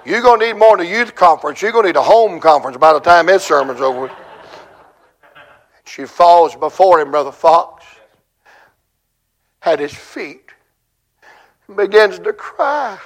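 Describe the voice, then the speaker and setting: A man preaching a sermon in church, telling a story with dramatic, shouted climaxes. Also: high-pitched, expressive, normal speed, pauses often.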